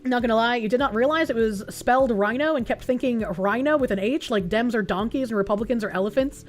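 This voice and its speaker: Woman streamer, sarcastic and foul-mouthed, fairly high voice, faint background music. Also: fast. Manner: sarcastic, blunt, profane. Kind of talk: reading an article aloud and reacting.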